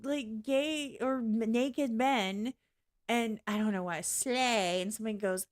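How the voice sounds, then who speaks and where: A middle-aged woman hosting a live-stream reaction, blunt and excitable, bursting into laughter often. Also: high voice, takes it slowly.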